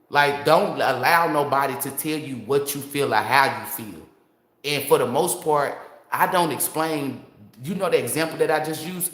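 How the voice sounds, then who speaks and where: A woman tarot reader talking straight to her viewers in a blunt, profane, fired-up unscripted monologue. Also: rumbling low. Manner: blunt, profane, fired-up storytelling with rhetorical asides. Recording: roomy echo.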